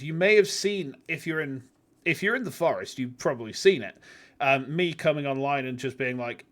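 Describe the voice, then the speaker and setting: Hoarse, rambling male streamer. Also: medium pitch, a bit bright. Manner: rambling, self-deprecating, swearing. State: hoarse, wrecked voice. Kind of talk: casual gameplay chat.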